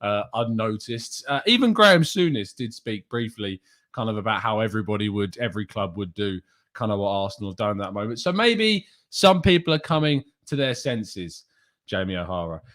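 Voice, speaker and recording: Hosting a live show in a loose, chatty style, an Englishman reads out viewers' names to greet them and lapses into a mock northern accent. His fairly low voice is animated and fairly bright, moving a little fast.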